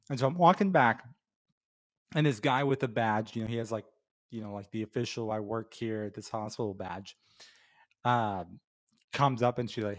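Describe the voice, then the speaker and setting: This middle-aged man from Florida, mid-range in voice and moderate in pace, runs a beer review show. Before he gets to his score, he wanders through a relaxed anecdote loaded with fillers and false starts.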